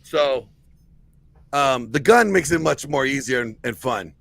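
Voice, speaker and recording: A man's voice: mid-range voice, lively intonation, measured pace, gravelly, a bit bright, dry recording. A man on a video call, chatting in a crude, boastful, laughing way. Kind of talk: casual chat.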